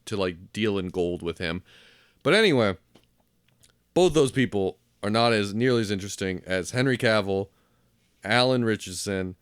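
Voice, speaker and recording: A man's voice: medium pitch, clear, resonant tone, no room sound, clean studio sound. A man co-hosting a film podcast, talking casually with blunt, sarcastic remarks and the odd swear. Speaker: podcast co-host. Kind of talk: casual film review chat.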